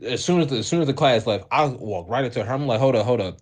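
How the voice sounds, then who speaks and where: A young man spinning a school story for his podcast co-hosts. His mid-range voice swings widely in pitch as he acts out everyone involved. His talk is loose, slangy and full of swearing. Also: quick pace, slightly rough. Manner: animated, acts out quoted voices, heavy profanity and slang. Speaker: podcast co-host. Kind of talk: casual storytelling.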